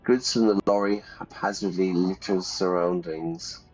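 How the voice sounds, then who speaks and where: A man's voice: lowish voice, lively intonation, measured pace, creaky, a little mellow. A man teaching English while playing a game, chatty, reading game text aloud and explaining words. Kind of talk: casual let's-play lesson. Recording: slightly dull sound.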